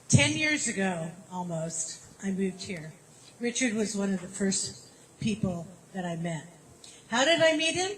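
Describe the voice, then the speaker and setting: A woman's voice: medium pitch, a little hiss or hum, low-quality recording. A woman giving an emotional tribute speech on a handheld mic, laughing as she talks. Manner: warm, laughing through tears. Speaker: community program director.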